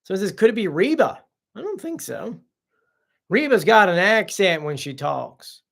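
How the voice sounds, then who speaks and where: A man's voice: sits high, very animated, moderate pace, vocal fry, a bit bright. A man hosting a casual live stream, chatting off the cuff as he reads out viewer comments and answers them.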